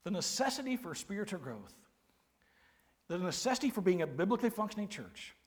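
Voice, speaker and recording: A man, preaching a sermon with folksy, humorous storytelling and quiet, earnest emphasis. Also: sits high, sing-song, fairly quick. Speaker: pastor. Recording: long hall reverb.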